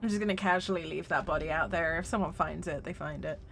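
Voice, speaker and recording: A woman's voice: sits low, fast talker, creaky, fairly bright tone, slight background noise. A woman streaming a video game, talking through her choices in a playful, giggly way. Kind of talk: casual gaming commentary.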